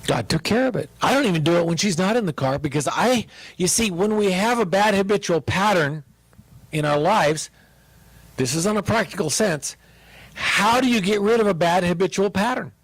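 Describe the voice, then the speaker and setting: Gravelly preaching man, dry sound. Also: sits high, animated, moderate pace, no echo. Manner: humorous, conversational preaching. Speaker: pastor. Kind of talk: sermon with personal story.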